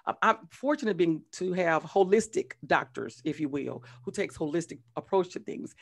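A woman hosting a casual conversation, telling stories animatedly with frequent restarts and repeated words. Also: lowish voice. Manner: animated storytelling with frequent restarts and acted quotes. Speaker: host.

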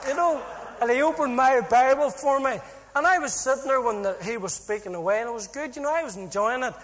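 Northern irish guy telling his testimony, really high voice, lively and funny, big echoey hall. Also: brisk, a little hiss or hum. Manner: animated, humorous storytelling with acted-out dialogue. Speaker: speaker giving a personal testimony. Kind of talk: storytelling testimony. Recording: long hall reverb.

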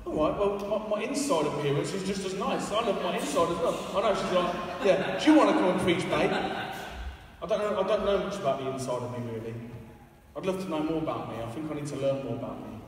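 Joking preacher in an echoey hall. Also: male voice, fairly high pitch, animated, brisk. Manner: chatty, joking, self-deprecating. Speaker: evangelist preacher. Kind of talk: casual sermon. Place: church hall. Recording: echoey hall, far from the mic.

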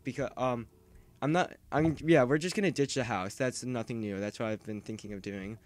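A man giving casual, rambling gameplay commentary who yells and panics when startled. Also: medium pitch, fairly quick, dry recording. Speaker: gaming video host.

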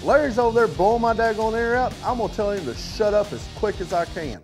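Lively duck hunter, high voice. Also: male voice, fast, faint music behind. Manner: blunt, folksy, humorous. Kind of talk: casual advice.

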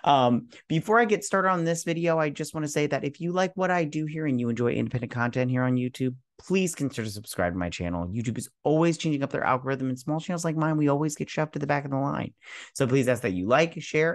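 A man's voice: a little high, no room sound. Chatty man reading news, dry sound. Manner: chatty and rambling, with many fillers and restarts. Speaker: host of a geek news channel. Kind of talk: casual reaction video, reading news aloud.

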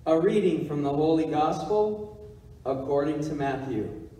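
Casting: man as deacon reading the gospel, measured and mellow, heard from far off in a reverberant church. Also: on the high side, big pitch swings. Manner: slow, measured proclamation. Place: church sanctuary.

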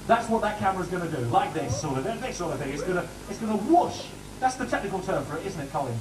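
A man doing joking warm-up patter for a TV studio audience. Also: high-pitched, fast, recorded from a distance, background noise. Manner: chatty, joking, lively. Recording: roomy studio heard from afar with audience.

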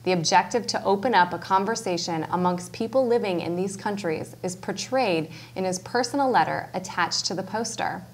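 A woman hosting a news show, reading scripted stories in a steady, earnest way. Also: medium pitch, normal speed, hardly any pauses.

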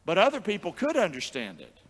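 A man pastor preaches in a church sanctuary with a high, ringing, bright voice that trails into a long reverb. He pulls the congregation into call-and-response, swinging between booming shouts and hushed asides. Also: wildly swooping pitch, brisk. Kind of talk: sermon.

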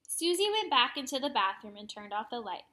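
A woman's voice: a little high, a little fast. Woman reading a children's book aloud. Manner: lively, expressive storytelling. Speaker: reader.

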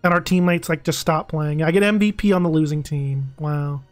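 A young man streaming a video game, talking casually and excitably, pleading with the game and groaning dramatically over a loss. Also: on the high side, normal speed, dry recording, faint music behind. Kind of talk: casual live-stream commentary.

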